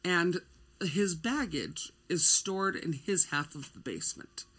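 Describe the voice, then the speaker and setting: A woman's voice: lowish voice, slow, a bit bright, husky. A young woman co-hosting a casual chat, telling stories in a playful, giggly, rambling way.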